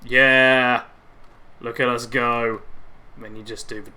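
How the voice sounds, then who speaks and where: A man's voice: mid-range voice, level tone, slow pace, pauses often, bright, forceful tone. A young man live streaming a game on a headset mic, chatting constantly and reading chat aloud.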